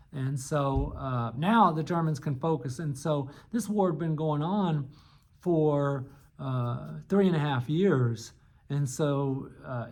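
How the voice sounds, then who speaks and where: A man's voice: a little high, darkish tone. A man teaching a history class in a loose, conversational lecture, with frequent fillers and restarts. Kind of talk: unscripted recorded lecture.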